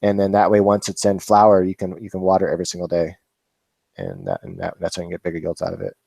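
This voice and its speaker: A man's voice: deep voice, fast, gravelly, a little mellow, husky, no echo. A man hosting a live Q&A, chatting casually and rambling with laughs and swearing. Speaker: vlog host answering viewer questions.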